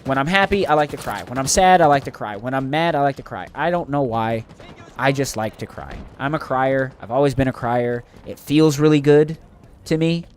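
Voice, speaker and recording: Male game streamer, mid-pitched voice, earnest and emotional, rambling chat, faint gunfire behind. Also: animated, normal speed, slight background noise. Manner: earnest, emotional, rambling with many fillers and restarts. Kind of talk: casual chat to live chat while gaming.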